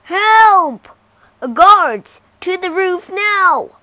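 A woman's voice: expressive, extremely slow, dry recording, heavily acted. A woman doing a shrieking, panicked storybook king. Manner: shouting, high and alarmed. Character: panicking frightened male king. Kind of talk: storybook reading.

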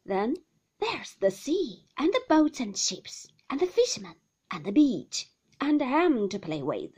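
A woman's voice: sits high, sing-song, unhurried, darkish tone, breathy edge, pitched above the performer's own voice, full character voice. A woman reading aloud, voicing a middle-aged nursemaid who coaxes a child with eager enthusiasm. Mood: coaxing, eager. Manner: coaxing, enthusiastic.

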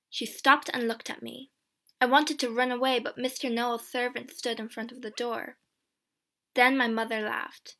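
A woman narrates a storybook in the first person, clear and steady. Her voice is bright and sits fairly high. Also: moderate pace. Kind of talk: storybook reading.

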